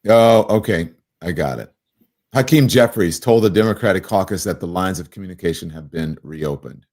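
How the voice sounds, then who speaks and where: A man's voice: low voice, normal speed, a little mellow. A man hosting a live political talk show, talking casually and animatedly, laughing often and reading viewer comments aloud. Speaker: host.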